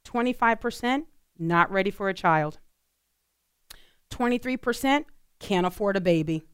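A woman's voice: medium pitch, expressive, moderate pace, clear, resonant tone, dry recording, clean studio sound. Earnest, chatty woman radio co-host. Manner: chatty, earnest, with many fillers and laughs. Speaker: radio talk show co-host. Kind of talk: casual talk radio chat.

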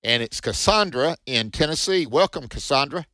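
A man's voice: mid-range voice, animated, normal speed, bright, forceful tone, slight background noise. Upbeat man co-hosting call-in radio. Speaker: radio co-host taking calls. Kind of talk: casual call-in chat.

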